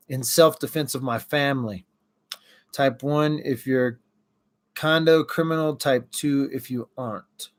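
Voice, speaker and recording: A middle-aged man casually chatting on a livestream, reacting to viewers' comments as he talks. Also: mid-range voice. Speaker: livestream host.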